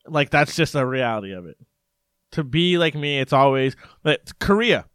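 A man's voice: mid-range voice, lively intonation, moderate pace, a bit bright, smooth, dry recording, studio quality. A young man co-hosting a casual political chat, joking around and slipping into silly impressions. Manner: jokey, breaks into silly impressions and sung bits. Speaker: podcast co-host.

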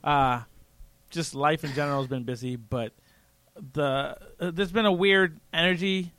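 A man's voice: fairly high pitch, steady tone, measured pace, a bit bright. A man hosting a casual comedy radio show, loose and joking, often breaking into laughter.

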